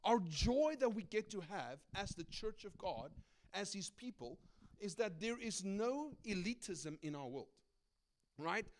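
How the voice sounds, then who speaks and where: Animated man preaching. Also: high voice, a little slow. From South Africa. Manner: animated, conversational, often asks "right?". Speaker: guest preacher. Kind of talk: sermon with personal stories.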